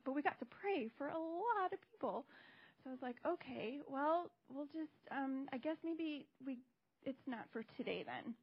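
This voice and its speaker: A woman telling a personal testimony in a casual, animated way, acting out the voices she quotes. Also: a little high. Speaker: church member sharing a testimony. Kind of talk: casual storytelling. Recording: dull lo-fi recording.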